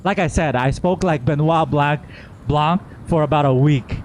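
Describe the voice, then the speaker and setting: A man's voice: on the high side, normal speed, a little mellow, a little hiss or hum. A man chatting casually and enthusiastically while streaming a video game, rambling from one thought to the next. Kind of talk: casual gameplay commentary. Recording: game music faintly behind.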